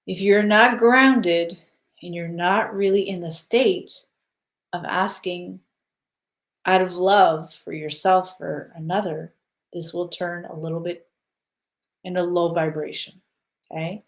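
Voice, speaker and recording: A woman hosting a casual spiritual stream, guiding listeners through breathing and giving gentle advice, often checking in with "okay?". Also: fairly low pitch, steady tone, takes it slowly, long pauses. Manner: soothing, repeats "okay?" to check in. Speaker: spiritual live-stream host. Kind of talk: casual guided spiritual talk.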